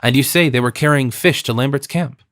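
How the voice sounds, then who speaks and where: A man reads a shrewd old-world general in a dry, close audiobook sound. The general speaks calmly and measures every question. His voice sits at a middle pitch. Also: fairly quick, dry recording, lightly acted. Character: shrewd, calm English general questioning a prisoner.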